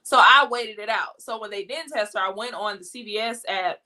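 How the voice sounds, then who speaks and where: A young woman telling a personal family story in casual, animated talk, slipping into quoted voices. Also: mid-range voice, fairly quick. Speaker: guest.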